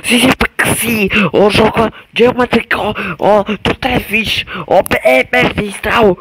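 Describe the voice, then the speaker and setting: A man voicing an over-excited male commentator who babbles in mock Italian. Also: high-pitched, husky, dry recording, voice pushed up, heavily acted, rough recording. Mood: hyped. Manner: rapid, breathless, exclamatory babble.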